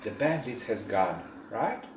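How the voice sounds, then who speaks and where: A woman's voice: extremely low pitch, lively intonation, measured pace, noisy background. A woman talking a child through a city-building game, patient and asking simple questions to teach, her English slightly non-native. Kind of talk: casual gameplay chat. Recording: roomy sound with game music behind.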